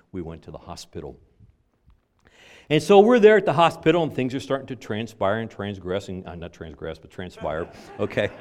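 A middle-aged man preaching a sermon, telling a personal story with frequent restarts and swings between loud and soft. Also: on the low side. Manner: lively storytelling, repeats words, varies volume widely.

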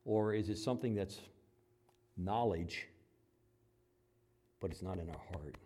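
A man preaching a sermon, moving between loud emphatic passages and quiet conversational asides, and acting out the voices he quotes. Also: deep voice, measured pace. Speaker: pastor.

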